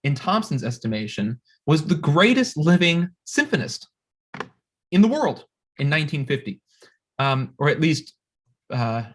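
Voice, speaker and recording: A man's voice: a little high, big pitch swings, a little slow. A young man, a composer, giving a recorded music history lecture with many fillers and restarts.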